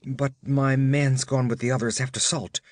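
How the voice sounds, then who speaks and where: A man's voice: mid-range voice, level tone, moderate pace, dry recording, clean studio sound, lightly acted. A man voicing a frightened frontier wife and mother who pleads and wails. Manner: pleading, wailing.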